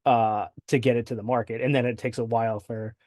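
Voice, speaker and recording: A man's voice: mid-range voice, flat delivery, brisk, darkish tone, no room sound, clean studio sound. A man talking as a sports dietitian guest on a podcast interview, explaining things in detail and tagging sentences with "right?". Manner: explanatory, with frequent "right?" tags and fillers.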